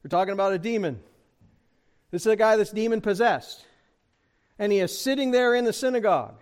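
A male pastor with a notably high voice preaches a sermon verse by verse. He talks straight to his listeners and often asks them questions. His pitch and loudness climb as he presses a point. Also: brisk. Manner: animated, rises in pitch and volume for emphasis; addresses the congregation directly with questions. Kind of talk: expository sermon.

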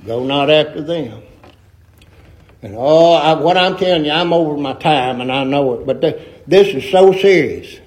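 A man's voice: fairly high pitch, moderate pace, a little mellow, poor audio. A middle-aged man preaching a sermon in a folksy, emphatic way with rustic grammar.

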